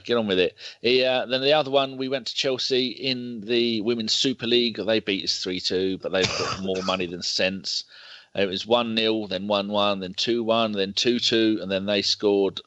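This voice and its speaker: A man's voice: fairly low pitch, fairly bright tone, no echo. A man rambling through football injury news and scores on a casual podcast, swearing as he reads. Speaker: podcast panelist. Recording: dull dry lo-fi call audio.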